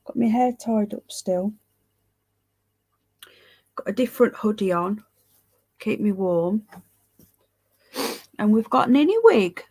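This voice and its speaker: A woman's voice: mid-range voice, animated, slow, pauses often, a little mellow, breathy edge. A tired, yawning woman hosts a casual livestream, rambling chattily, greeting viewers by name and swearing now and then. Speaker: livestream host reading live chat.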